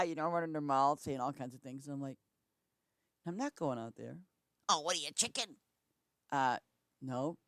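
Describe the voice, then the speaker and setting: A woman's voice: sits low, no room sound, clean studio sound. A middle-aged woman chatting on a live stream from home, blunt and matter-of-fact, often restarting her sentences. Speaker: game streamer. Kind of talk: casual chat on a live stream.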